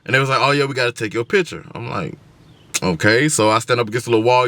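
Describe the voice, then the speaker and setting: Animated man telling a story. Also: mid-range voice, fast, no room sound. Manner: animated, slangy storytelling with voiced quotes. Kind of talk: casual storytime. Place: car. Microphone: camera in the car.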